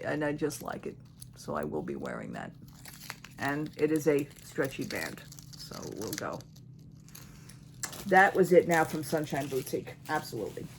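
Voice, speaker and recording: A woman's voice: low-pitched, slight background noise. A woman in casual show-and-tell chat, rambling and restarting as she shows off bargain jewelry. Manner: chatty, rambling, with frequent restarts and fillers. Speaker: haul vlogger.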